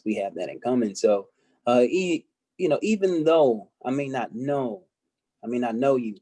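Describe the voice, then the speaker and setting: Mellow-voiced man speaking haltingly. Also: medium pitch. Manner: hesitant, full of fillers. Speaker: guest. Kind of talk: casual podcast discussion.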